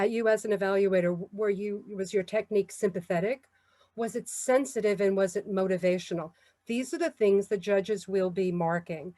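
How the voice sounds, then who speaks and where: Woman, New York accent, measured encouraging lesson, mid pitch, dry recording. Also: darkish tone, no echo. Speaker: public speaking trainer. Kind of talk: instructional talk.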